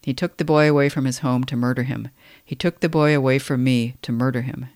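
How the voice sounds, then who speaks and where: A man reading the inner thoughts of a grief-stricken wife in a plain, even voice. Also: mid-range voice, a little fast, no echo, studio quality, natural voice. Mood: grim.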